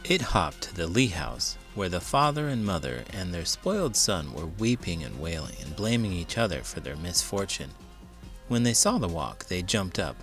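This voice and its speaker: A man reading a children's picture book aloud with dramatic, expressive storytelling. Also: deep voice, moderate pace, faint music behind. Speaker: teacher and children's book reader. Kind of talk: children's read-aloud narration.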